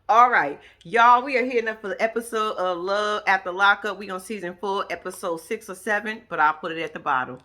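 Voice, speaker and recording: A woman's voice: medium pitch, fairly quick, hardly any pauses. A woman vlogger giving a casual, profane recap of a reality-TV episode to her viewers. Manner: blunt, profane, animated storytelling. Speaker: YouTube reaction vlogger.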